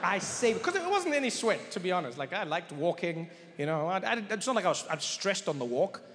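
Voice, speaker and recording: A man telling stand-up stories on stage, animated and jumping quickly into character voices. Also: sits high. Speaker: stand-up comedian. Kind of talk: stand-up storytelling. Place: large theater stage. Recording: live in a large hall with faint noise.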